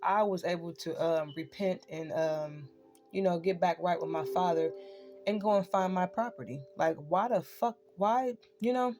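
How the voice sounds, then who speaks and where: A woman's voice: lowish voice, moderate pace, a little mellow, soft background music. A woman ranting in a casual spoken monologue, swearing freely and tossing in "right?" again and again. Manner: profane, ranting, keeps asking "right?". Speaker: online spiritual speaker.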